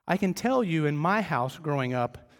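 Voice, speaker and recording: A middle-aged man preaching a sermon as pastor, conversational, telling humorous family stories and dropping his voice low for emphasis. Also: animated, moderate pace. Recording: long reverb of a large hall.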